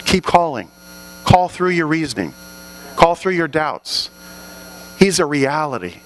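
A man preaching an animated sermon to a congregation, often building to loud, fervent exhortations. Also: on the high side, measured pace, poor audio.

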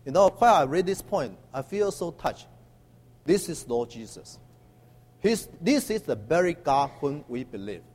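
High lively preacher in a reverberant hall. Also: male voice. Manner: halting with many uh fillers, emphatic call-and-response. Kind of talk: sermon.

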